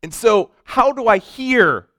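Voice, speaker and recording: A man preaching a sermon to students, swinging between loud emphatic lines and soft hushed ones, with joking asides. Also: very high-pitched, animated, slow, no room sound, studio quality. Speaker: pastor speaking to students.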